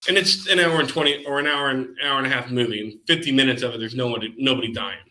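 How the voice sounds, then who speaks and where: A man's voice: medium pitch, fast, bright, forceful tone, echoey room, poor audio. A man co-hosting a movie podcast, talking casually and swearing now and then. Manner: casual, profane, enthusiastic. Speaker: podcast co-host. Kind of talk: casual chat.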